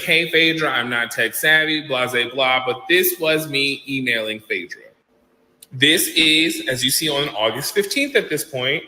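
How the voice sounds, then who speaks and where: A man with a bright, somewhat high voice tells a rambling story and acts out the lines he quotes. He was recorded in an echoey room with a long reverb tail. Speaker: guest telling his story. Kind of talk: storytelling in a video clip.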